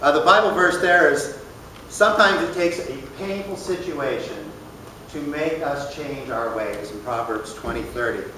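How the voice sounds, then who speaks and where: A man's voice: on the high side, unhurried, bright, forceful tone. A man teaches a church recovery group in a loose, plain-spoken way, checking in with the room as he goes. The sound is very reverberant and distant, with faint room noise underneath. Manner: conversational, plain-spoken, asks the room questions. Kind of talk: casual sermon teaching. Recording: echoey room, voice from far off.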